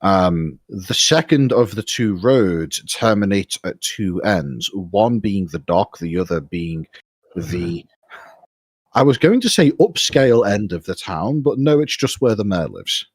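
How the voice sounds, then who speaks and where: Low-voiced game master, lively pitch. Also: male voice, husky, dry recording. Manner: dry, corrective, measured. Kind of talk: running a tabletop game.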